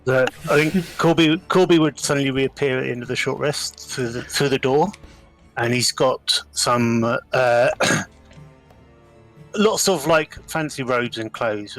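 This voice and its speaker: A man playing in a tabletop game, quickly describing what his character does. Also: medium pitch, fairly bright tone, soft background music, poor audio. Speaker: player. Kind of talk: casual tabletop game chat.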